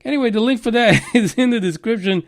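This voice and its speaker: A news podcast host with a high, creaky voice rants at a fast clip. His commentary is loose and mocking, full of blunt sarcasm and heavy swearing.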